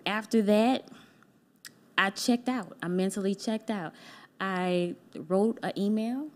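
A woman's voice: medium pitch, darkish tone. A woman guest on a podcast telling a heartfelt personal story in casual conversation. She acts out what other people said to her.

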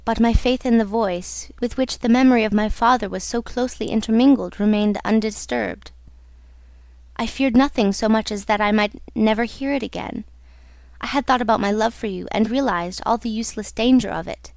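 A woman's voice: on the high side, moderate pace, gravelly, darkish tone, no room sound. A woman reading the part of a young woman singer, telling her love her story in an intimate, earnest way. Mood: wistful.

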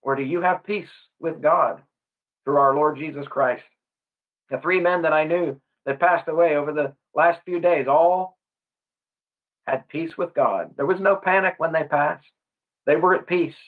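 Earnest high-voiced preacher, tinny sound. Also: male voice, measured pace. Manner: earnest, questioning the listener directly. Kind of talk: gospel sermon. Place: gospel hall.

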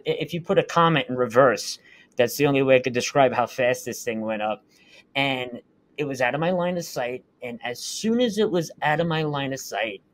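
A man, a guest on a talk show, earnestly recounting a personal experience in casual, vivid detail. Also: mid-range voice. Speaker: guest recounting a UFO sighting. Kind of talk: casual first-person storytelling.

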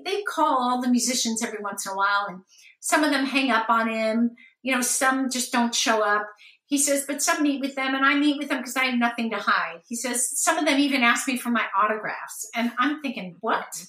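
A woman being interviewed, telling a lively story and acting out the voices of people she quotes. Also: on the high side, brisk. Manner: animated, acts out quoted voices. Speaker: guest. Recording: roomy and distant from the mic.

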